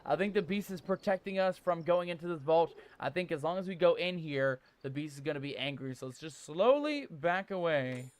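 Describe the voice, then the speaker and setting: A man streaming a game live, joking in mock pirate talk, reading the game's text aloud and shouting out in surprise. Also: a little high, fairly quick, few pauses. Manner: laughs often, exclaims loudly.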